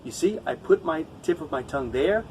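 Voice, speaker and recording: A man who speaks English natively, teaching a pronunciation lesson to camera, patient and repeating each example slowly. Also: a little high, animated, darkish tone, recorded from a distance, a little hiss or hum, rough recording.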